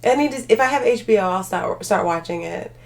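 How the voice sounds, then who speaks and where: A woman's voice: mid-range voice, lively intonation, fairly quick, gravelly. A woman hosting a livestream, tired and chatting away to her viewers. She rambles, leans heavily on filler words and laughs easily, in a mid-range voice for a woman. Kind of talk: casual live chat.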